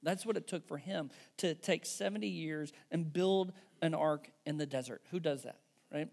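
Male pastor, slightly high, gravelly voice, casual emphatic sermon delivery. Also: normal speed, a little mellow. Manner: conversational, emphatic, tags with "right?" and "okay".

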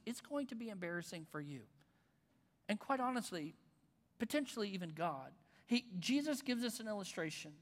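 A pastor preaching a conversational sermon, with bursts of loud emphasis. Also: male voice, high-pitched, animated, normal speed. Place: church auditorium. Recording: long reverb in a large hall.

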